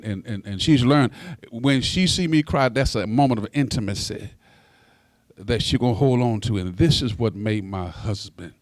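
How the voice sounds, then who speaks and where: A man in his sixties preaching a sermon as pastor, folksy and direct with the congregation, his voice climbing high on emphasis and stumbling over repeated words. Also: dry recording, studio quality. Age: 60s. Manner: folksy, talks straight to the congregation.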